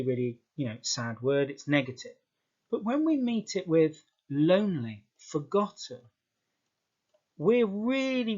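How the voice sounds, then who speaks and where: Slow, emphatic British male teacher. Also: fairly high pitch. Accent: British English. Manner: slow, emphatic, repeats words for stress. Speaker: English teacher. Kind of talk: exam skills lesson. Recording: dull lo-fi sound.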